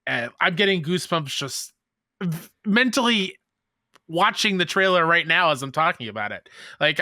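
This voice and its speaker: Bright-voiced excitable young man. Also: on the high side, dry recording, studio quality. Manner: excitable, gushing, quick bursts. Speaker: podcast co-host. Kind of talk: casual podcast chat.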